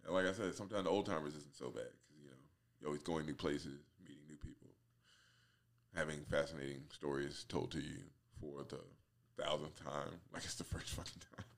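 A man's voice: extremely low pitch, brisk, creaky. A man in his forties hosting a solo podcast, rambling casually, swearing freely and laughing at himself. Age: 40s. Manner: laughs often, swears freely, self-mocking. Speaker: podcast host.

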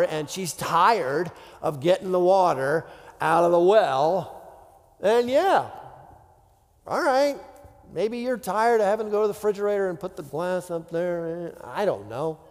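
A man preaching a casual, conversational sermon as a pastor, with rhetorical asides and frequent restarts. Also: on the high side. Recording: long hall reverb.

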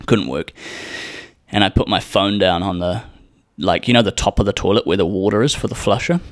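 Young aussie dude rambling through a story, swears a ton, lowish voice, dry sound. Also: male voice, brisk, no room sound. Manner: rambling, swears a lot, acts out quotes. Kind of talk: casual storytelling.

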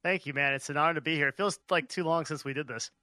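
A man co-hosts a casual podcast chat with a very bright, forward voice. The sound is dry and close. He talks in a friendly, upbeat way. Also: on the high side, fast, dry recording. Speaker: podcast co-host.

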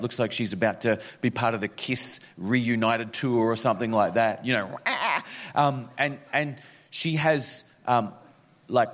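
A man's voice: medium pitch, fairly bright tone. Chatty Australian man preaching. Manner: chatty, joking, many fillers. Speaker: pastor. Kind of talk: sermon with storytelling.

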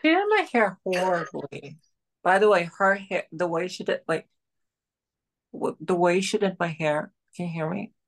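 With a fairly low pitch and an animated delivery at normal speed, this late-20s woman from Georgia the country guests on a podcast. Her casual chat rambles along, full of fillers.

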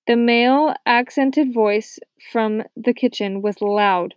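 A woman narrating a novel aloud with steady, soft-spoken storytelling. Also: a little high, slow, dry recording. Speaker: audiobook narrator. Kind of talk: scripted narration.

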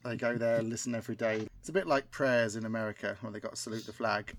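A man's voice: lowish voice, steady tone, quick pace. A man co-hosting a casual podcast chat, rambling through anecdotes and laughing often. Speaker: podcast co-host.

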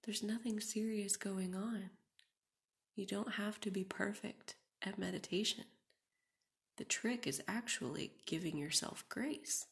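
A young woman hosting a reflective solo podcast, talking casually with many "like"s and often dropping into a soft whisper. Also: medium pitch, measured pace, gravelly. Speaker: podcast host.

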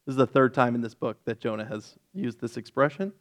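Man, pastor, middle-pitched voice, casual sermon, relaxed, lightly joking, emphatic scripture reading. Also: brisk. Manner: reads scripture aloud with rising emphasis. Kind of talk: casual Bible-teaching sermon.

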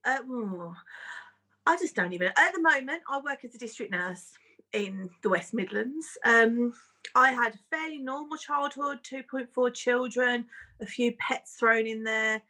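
Bright, high-voiced female guest. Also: expressive, measured pace. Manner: light and self-deprecating. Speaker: guest, district nurse. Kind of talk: interview.

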